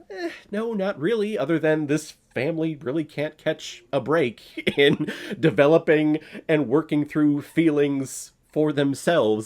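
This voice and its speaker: A man's voice: medium pitch, a little mellow. Guy chatting through a movie review, super casual, lots of "like", a bit sarcastic. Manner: chatty, loose and conversational, with many "like" fillers. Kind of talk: casual spoken film review.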